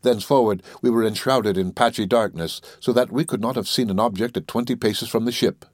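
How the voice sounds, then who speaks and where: A man narrating a classic literary story in a measured, solemn storytelling manner. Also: mid-range voice, dry recording, studio quality. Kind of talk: audiobook reading of classic literature.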